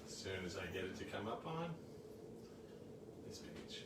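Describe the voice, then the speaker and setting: A man co-hosting a home cooking show, talking in a lively, jokey way. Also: deep voice, moderate pace, very noisy. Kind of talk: casual chat. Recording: echoey room from far off.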